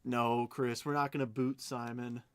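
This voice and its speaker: A man's voice: medium pitch, level tone, unhurried, slight background noise. A man hosting a live card break stream, chatting as he calls out cards and bids. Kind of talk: live stream auction chat.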